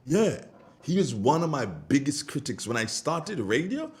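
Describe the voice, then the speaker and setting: In a radio studio, a Grenadian man hosts a show, greeting listeners and telling stories casually and colloquially. He's an animated storyteller with Caribbean phrasing, speaking unhurriedly in a fairly high-pitched voice.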